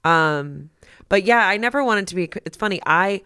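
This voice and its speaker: A woman hosting a podcast in casual chat, animated, laughing easily and searching for words. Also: medium pitch, normal speed, clean tone, no room sound, studio quality. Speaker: podcast host.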